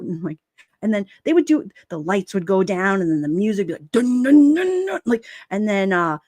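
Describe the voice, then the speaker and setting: Woman streamer, casual rambling chat, laughs a lot, dry close sound, mid pitch. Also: darkish tone, no room sound. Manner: rambling, laughs often, lots of fillers and restarts. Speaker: livestream host reading chat.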